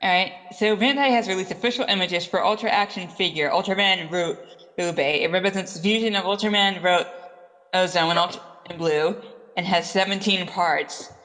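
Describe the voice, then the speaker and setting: A man's voice: sits high, normal speed, sharp tone, in a large hall. A man co-hosting a casual podcast, joking and pushing the talk along. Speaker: podcast co-host.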